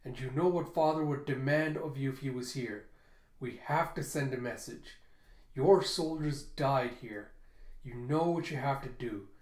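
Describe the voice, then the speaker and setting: A man voicing a stern young man who presses his sister, insistent and forceful. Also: medium pitch, a little slow, natural voice. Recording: roomy echo.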